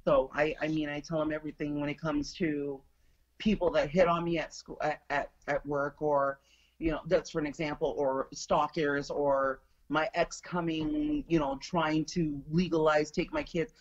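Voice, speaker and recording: A woman's voice: low-pitched, moderate pace, dull audio. A woman guest telling a story in casual chat, acting out each person's lines as she goes. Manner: animated, acts out dialogue in quotes.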